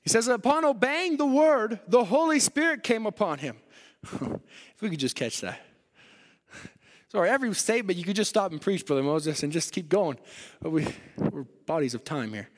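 A man pastor delivers a sermon in a very high voice, swinging between driven, loud stretches and hushed ones. The church hall around him rings with a long reverb. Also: animated, normal speed. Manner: fervent preaching, swinging between loud and quiet.

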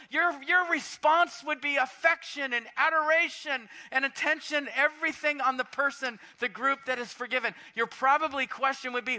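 Pastor guy preaching in church, really high bright voice, gets loud and animated. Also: moderate pace, hardly any pauses. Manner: animated preaching, swinging from quiet to shouting. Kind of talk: sermon. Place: church sanctuary.

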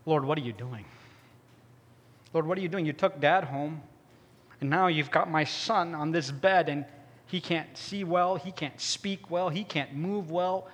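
A man's voice: on the high side, expressive, unhurried, sharp tone, breathy edge, in a large hall, full character voice. A man voicing his anguished mother, crying out in prayer at her son's hospital bed. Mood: anguished pleading. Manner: pleading, cries out to God.

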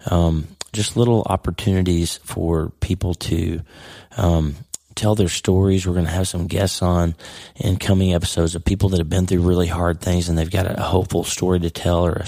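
A hoarse middle-aged man who has lost his voice, hosting his podcast in an earnest, rambling monologue. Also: deep voice, dark tone, no echo, clean studio sound. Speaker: podcast host.

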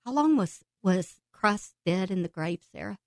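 With no room sound in the recording, a woman guest on a podcast shares her faith story with feeling. She speaks at a moderate pace in a mid-range voice, laughing and breaking into excited exclamations.

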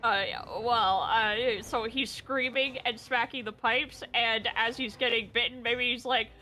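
A woman playing a tabletop game, animated and excitable as she describes her character's moves. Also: fairly high pitch, unhurried, soft background music. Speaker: player.

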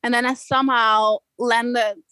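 Speaking unhurriedly in a slightly high voice, a young woman from Belgium recounts a surfing experience as a guest surfer, animated, laughing often, and acting out people's lines. The recording is dry and the audio poor.

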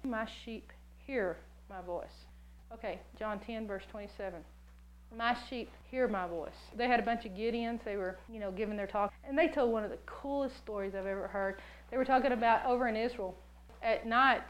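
In a voice that's a little high, a woman preaches, telling a lively personal story and acting out the voices she quotes.

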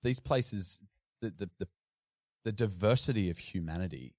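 A man's voice: on the low side, expressive, moderate pace, no room sound, studio quality. A middle-aged Australian man with an Australian accent, chatting as a guest in a rambling way with many restarts. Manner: rambling, frequent restarts and fillers. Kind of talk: casual conversation.

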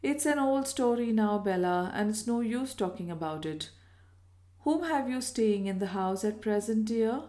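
A frail, secretive Victorian lady speaks in an anxious, breathless way, as a woman reading a story voices her. Her voice sits a little higher than the reader's own. The storybook reading stays gentle and restrained. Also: lively intonation, normal speed, close to an everyday voice. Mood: weary.

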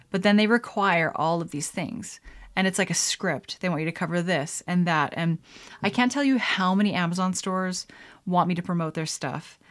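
A woman hosting her own podcast, chatting casually and rambling with many fillers and laughs. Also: on the low side. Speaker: podcast host. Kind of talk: casual solo podcast chat.

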